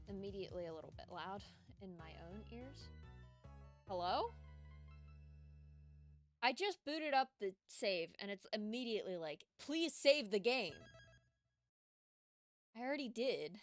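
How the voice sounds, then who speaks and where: A woman's voice: medium pitch, a little slow, long pauses, faint music behind. Chatty woman streaming a game. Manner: chatty, excitable, giggly asides. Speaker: streamer reading game dialogue aloud. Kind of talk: casual let's-play commentary, reading lines.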